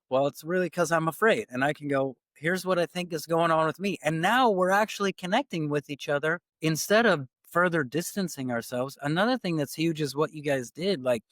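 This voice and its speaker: A man's voice: on the high side, dry recording. A man hosting a podcast, telling stories in a casual way and acting out the lines he quotes. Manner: animated storytelling, acting out quoted dialogue. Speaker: podcast host. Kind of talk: casual conversational podcast talk.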